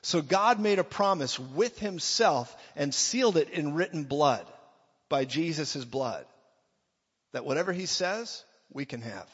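A man preaches with emphatic energy, his voice pitched a little higher than most men's. He slips into mock voices to act out quoted lines. The sound is dull and lo-fi, with a long reverb trailing after his words in a large hall. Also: expressive, unhurried, slightly rough. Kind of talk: sermon.

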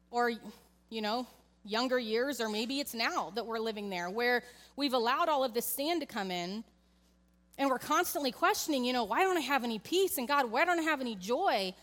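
A church speaker in her thirties delivers a chatty sermon in the sanctuary, telling a candid story about her family and turning directly to the congregation. Her voice leans high and fairly bright, expressive but at an ordinary speed, carried by big-room acoustics.

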